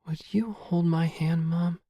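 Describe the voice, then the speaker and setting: A strange, listless young man lurks in a pitch-dark cave, as a male storyteller puts him on. The voice is a breathy, faint whisper pitched above the reader's own, dropping slow, childlike fragments. The sound is close and dry. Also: steady tone, dry recording.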